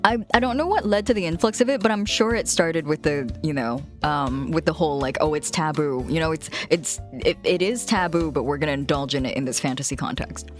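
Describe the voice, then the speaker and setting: A woman's voice: low-pitched, fairly quick, few pauses. A woman streamer chatting casually and frankly with her viewers, laughing often as she tells stories. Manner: frank, giggly, animated storytelling. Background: faint music.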